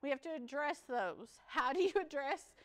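A woman's voice: sits high, expressive, normal speed. A woman giving a peer support workshop at a conference, chatty and joking, laughing often. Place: conference session room.

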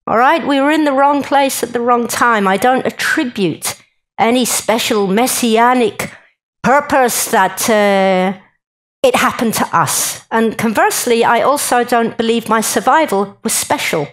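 A woman's voice: on the high side, a little slow, rough recording. A woman giving a chatty, joking talk to a live conference audience and speaking straight to the crowd.

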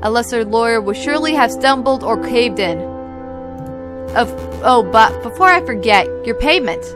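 A woman's voice: a little high, lively intonation, normal speed, music in the background, lightly acted. A woman reading a suave, sly male fox private investigator in a game. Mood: gracious.

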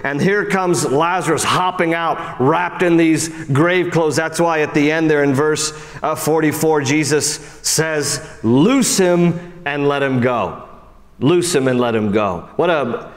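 A pastor's animated, conversational sermon rings out with a long reverb tail in a church sanctuary. He alternates emphatic high lines with soft low ones and slips in casual asides often.

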